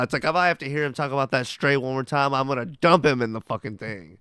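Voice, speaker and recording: A man's voice: medium pitch, animated, brisk, few pauses, a bit bright, clear, resonant tone, no echo, studio quality. A male host giving profane, mocking commentary on news clips, talking bluntly and swearing freely. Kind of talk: profane, heated political commentary.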